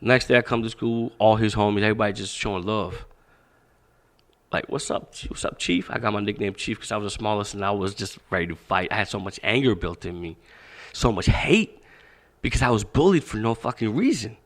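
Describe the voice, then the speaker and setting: A man's voice: on the low side, brisk. A man, a boxing coach, telling stories as a podcast guest in a casual, profane way. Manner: animated, profane, acts out quoted speech. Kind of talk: casual interview storytelling.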